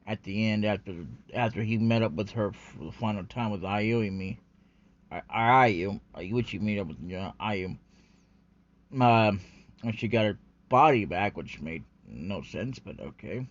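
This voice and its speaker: A man's voice: fairly low pitch, measured pace. Rambling, profane male vlogger. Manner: profane, rambling, full of fillers and restarts. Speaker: anime commentary vlogger. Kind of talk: rambling unscripted rant. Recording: dull lo-fi recording.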